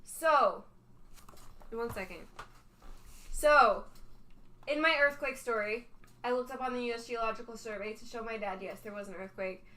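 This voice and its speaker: A woman's voice: a little high, normal speed, pauses often, bright, forceful tone, poor audio. A young adult woman co-hosting a card-break stream in casual chat, telling stories and laughing often.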